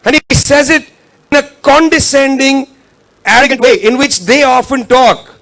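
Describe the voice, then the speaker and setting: Impassioned high-voiced male speaker. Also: moderate pace, fairly bright tone. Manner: impassioned, repetitive rhetorical emphasis. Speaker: keynote speaker. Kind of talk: political speech. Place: event hall.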